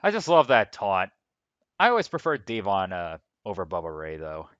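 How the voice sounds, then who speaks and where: A man giving casual, rambling commentary on his own gameplay, chatting to viewers on a quiet, low-level microphone. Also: moderate pace, dry recording, lo-fi sound. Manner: relaxed, rambling talk to viewers. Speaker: let's play gamer. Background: video game music.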